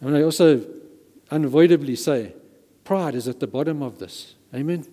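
A man's voice: fairly high pitch, moderate pace, dark tone. A man preaching a sermon as pastor, emphatic and given to repeating words for stress. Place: church hall. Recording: reverberant church hall.

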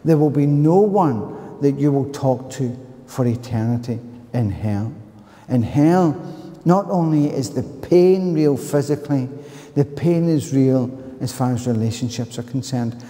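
A man with a Glaswegian accent preaching a sermon, telling a personal story in an animated way with loud, higher-pitched outbursts. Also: a little slow. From Scotland. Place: church. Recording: long reverb of a church hall.

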